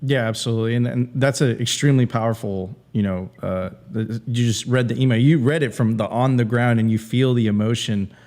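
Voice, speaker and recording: A male host from Venezuela chatting on a panel, halting and restarting as he poses questions. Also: mid-range voice, a little mellow. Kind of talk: casual panel chat.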